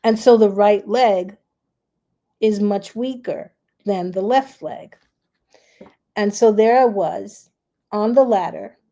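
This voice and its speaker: A woman coach calmly telling a personal story in a reflective, unhurried way. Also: mid-range voice. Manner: calm, reflective, acts out her own fearful self-talk. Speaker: grief relief coach and host.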